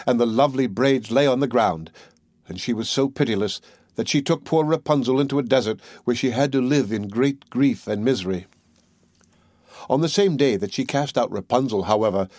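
A man narrating a fairy tale as an audiobook reader, in a measured, even reading. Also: mid-range voice, no room sound, studio quality. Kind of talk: storybook narration.

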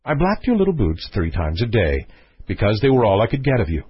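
A blunt, plain-spoken young prince from a storybook, as the narrator gives him a lower, huskier voice. He sounds set on his course and wastes no words. It all comes through a dull, dry, lo-fi recording. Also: wildly swooping pitch, a little fast, slightly rough, dry recording, heavily acted. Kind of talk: storybook reading.

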